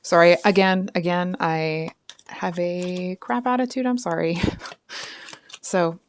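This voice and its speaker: A woman's voice: fairly low pitch, steady tone, takes it slowly, slight background noise. A woman giving a casual tarot reading, chatty and rambling, with frequent asides and apologies. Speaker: tarot reader.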